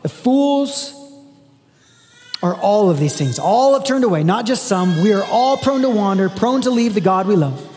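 A man with a fairly high voice preaches in a relaxed, conversational way and leans hard on the verses he reads aloud. His voice rings with the long reverb of a large hall. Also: normal speed, soft background music. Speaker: pastor. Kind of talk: sermon.

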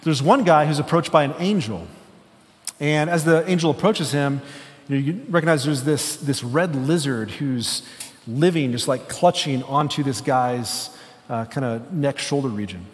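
A man's voice: fairly high pitch, normal speed, in a large hall. A man preaching an earnest, conversational sermon with some fillers and restarts. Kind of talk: sermon with a story read aloud.

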